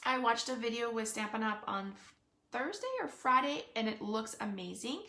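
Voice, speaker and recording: A woman's voice: on the high side, normal speed, bright, forceful tone. A woman giving a casual live card-making demonstration, chatting and thinking aloud with frequent fillers. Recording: echoey room.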